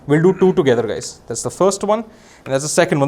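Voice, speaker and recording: A young man with an Indian English accent hosts a live magic act on stage, teasing the audience with playful, theatrical commands as a comedian and magician. His voice sits on the high side, brisk and lively in intonation, with a darkish tone. There is slight background noise.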